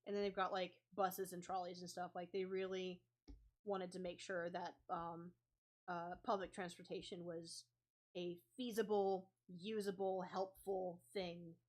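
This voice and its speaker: A woman's voice: on the low side, flat delivery, a little slow, a little mellow. Young woman vlogging while drawing, rambly and casual, lots of um and like. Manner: rambling, lots of ums and likes. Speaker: comic artist vlogger.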